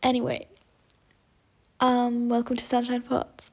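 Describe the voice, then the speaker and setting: A woman's voice: a little high, fairly even intonation, unhurried, darkish tone. A young woman hosting her own podcast, chatting casually and emotionally, rambling with many fillers and restarts. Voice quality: rambling, lots of fillers and self-corrections. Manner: emotional, confessional, laughs often. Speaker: podcast host. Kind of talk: casual solo podcast chat.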